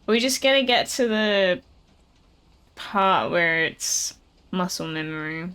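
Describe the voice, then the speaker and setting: A woman streamer giving casual gameplay commentary, chatting and reacting out loud, laughing easily. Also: lowish voice, lively intonation, slow, smooth, rough recording.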